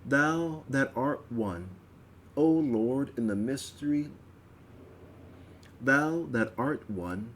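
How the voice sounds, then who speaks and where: Slow, measured male reader. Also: mid-range voice, lively intonation, slight background noise. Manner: slow, measured reading with stumbles. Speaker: reader of a religious text. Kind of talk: reading aloud a ritual text.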